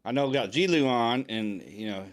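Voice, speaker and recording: A man's voice: medium pitch, expressive, moderate pace. A man hosting a casual live-stream chat in an easygoing way, plugging sponsor codes. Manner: easygoing, reads out discount codes. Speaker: host.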